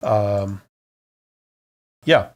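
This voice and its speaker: A man's voice: on the low side, drawn-out words. A middle-aged man giving frank career advice on a casual live stream, ranting a little and checking in with "okay?" and "right?".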